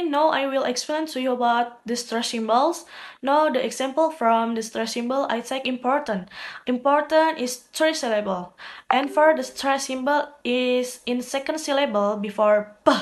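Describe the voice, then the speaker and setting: A young woman student talks through a recorded lesson in a high voice. She speaks slowly and deliberately, naming sounds one letter at a time. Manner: slow and careful, spelling out sounds letter by letter. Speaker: student presenter. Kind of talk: recorded class presentation.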